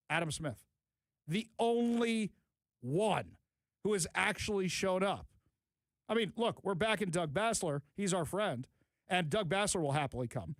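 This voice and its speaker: Sarcastic, animated talk radio host. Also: male voice, sits high, no room sound. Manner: sarcastic, animated, repeats phrases for emphasis. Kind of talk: political talk radio commentary.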